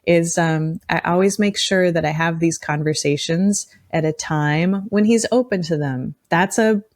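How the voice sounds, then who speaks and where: A woman's voice: lowish voice, unhurried, dry recording, studio quality. A woman co-hosting a relationship talk show, affirming her partner and sharing advice from her own marriage. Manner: warm affirming listener, frequent mm-hmms. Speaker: relationship podcast co-host. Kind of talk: casual advice chat.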